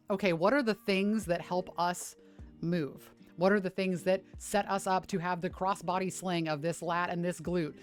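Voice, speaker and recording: Foul-mouthed ranting woman streamer. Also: on the low side. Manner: profane, ranting, chatty. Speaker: fitness streamer. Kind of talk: casual livestream chat.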